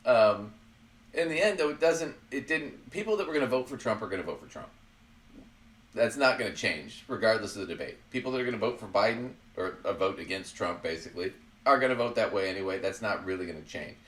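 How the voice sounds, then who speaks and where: A man's voice: on the low side, animated, fast, fairly bright tone. Man host, casual politics chat, blunt and profane, laughs at his own digs, set back from the mic in an echoey room. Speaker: podcast host. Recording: roomy sound, far from the mic.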